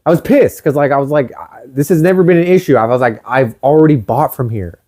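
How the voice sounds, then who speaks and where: A young man talks in a casual co-host chat, retelling a story. He swears freely and jumps into other people's voices as he acts out the scene. His pitch sits in the middle range for a man. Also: fast, dark tone.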